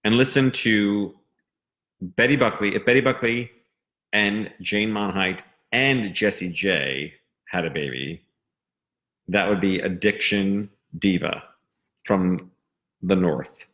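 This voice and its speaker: A man teaching a singing lesson, explaining diction and stressing crisp consonants. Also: fairly low pitch, slow pace, pauses often, fairly bright tone.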